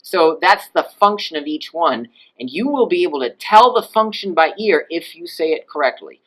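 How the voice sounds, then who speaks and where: A man teaching Latin in a video lesson, explaining grammar and swooping his pitch up and down to demonstrate pronunciation. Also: lively intonation, moderate pace, hardly any pauses, fairly bright tone, poor audio.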